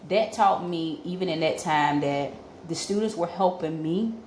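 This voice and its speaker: Earnest low-voiced woman in an echoey room. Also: normal speed, a little mellow. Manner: heartfelt and earnest. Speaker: guest educator. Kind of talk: storytelling in an interview. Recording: echoey room with faint noise.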